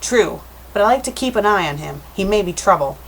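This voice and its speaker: Suspicious guardian cat, female, read plainly by a woman, middle-pitched. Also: expressive, a little fast, poor audio. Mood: wary.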